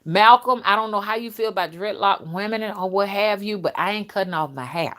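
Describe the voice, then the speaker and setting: A woman's voice: mid-range voice, a little fast. Brash older woman chatting on a live stream. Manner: brash, blunt and loud, often laughing and addressing viewers. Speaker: spiritual reader and live-stream host. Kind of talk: casual live-stream chat reading viewer comments.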